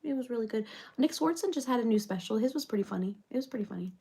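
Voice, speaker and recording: A woman playing a rambling reality-show gal with vocal fry. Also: a little high, expressive, very fast, warm tone, full character voice. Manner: rambling, filler-heavy chatter. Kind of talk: comedic parody monologue.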